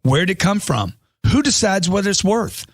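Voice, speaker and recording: A man's voice: high-pitched, very animated, normal speed, dry recording, clean studio sound. A man reading a money self-help book aloud as scripted audiobook narration, in an emphatic motivational way that leans on rhetorical questions.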